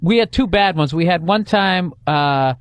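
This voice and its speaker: A man's voice: sits high, measured pace, no echo. A man co-hosting a radio show in casual comedic chat, ranting bluntly and swearing freely into a studio microphone.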